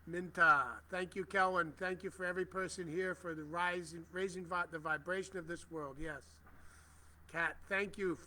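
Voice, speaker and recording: A middle-aged man hosting a prayer livestream outdoors, speaking gentle, reverent affirmations as he reads viewers' comments aloud over a phone. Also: sits high, little pitch movement, normal speed, few pauses. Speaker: spiritual livestream host.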